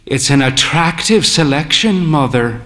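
A man's voice: a little high, lively intonation, unhurried, a bit bright, a little hiss or hum. A man voicing a thin, fey man in his fifties with a flamboyant, mischievous, crooning way of talking. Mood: merry. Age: 50s. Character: fey thin late-middle-aged man, cheerful and eerie.

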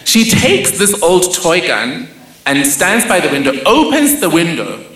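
A man's voice: a little high, huge pitch swings, a little slow, a bit bright. A young man telling a wry, vivid personal story on stage. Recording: roomy hall echo, faint background noise.

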